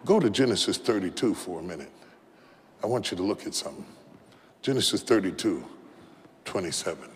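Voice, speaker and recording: A man preaching a sermon as a bishop, impassioned, building to shouts and having the congregation repeat phrases after him. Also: sits low, expressive, a little fast, pauses often. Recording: reverberant hall with faint background noise.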